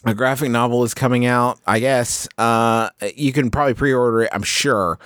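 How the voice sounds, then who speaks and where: A man hosting a comedy podcast with his brothers, talking in a rambling, excitable way with many restarts. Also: medium pitch, normal speed, smooth, dry recording, clean studio sound. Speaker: podcast host. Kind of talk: casual comedic chat.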